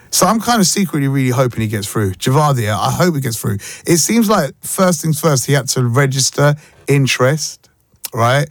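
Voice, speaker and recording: A man hosting a radio show, chatting casually and telling stories with animated voices. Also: medium pitch, gravelly, dry recording. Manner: animated, playful storytelling with voices. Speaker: radio host.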